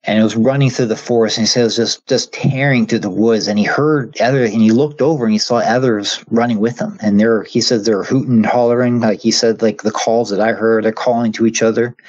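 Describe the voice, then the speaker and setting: A man casually retelling a story he heard from someone else, speaking in a halting way with many fillers and restarts. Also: on the low side, steady tone, a little mellow. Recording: dull lo-fi audio.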